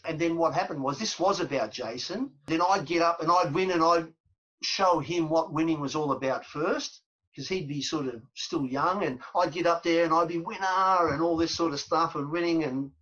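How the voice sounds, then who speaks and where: A man's voice: a little high, fairly bright tone, lo-fi sound. A man from Australia in his fifties, a former footballer telling stories as an interview guest, repeating phrases for emphasis. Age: 50s. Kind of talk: storytelling interview.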